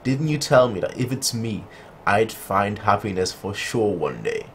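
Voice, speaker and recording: A lonely sixteen-year-old girl from a manga, trapped at home and quietly desperate, read aloud by a man. The voice is soft and pleading, kept low rather than raised into a girl's register. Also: expressive, measured pace, slight background noise. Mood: earnest. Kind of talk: reading manga dialogue aloud.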